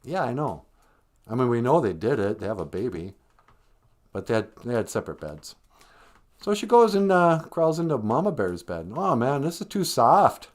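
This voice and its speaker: A man hosting a podcast who retells a story in a jokey, rambling way, drifting into humming and side comments. His voice is lively, swinging freely up and down in pitch. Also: normal speed, long pauses. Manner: rambling, jokey, sing-song asides. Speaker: podcast host. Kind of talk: comedic storytelling.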